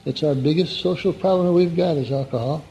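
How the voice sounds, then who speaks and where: A man's voice: fairly high pitch, fairly quick, warm tone, a little hiss or hum. A man preaching an evening sermon in a conversational, folksy way, often putting questions to his listeners. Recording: dull lo-fi recording.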